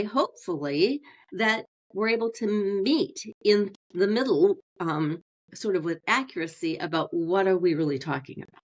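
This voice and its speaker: A middle-aged woman, a family therapist, explaining in an interview and slowing down on purpose to show how tone changes meaning. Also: mid-range voice. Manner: slows down deliberately, demonstrates tone changes. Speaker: marriage and family therapist guest.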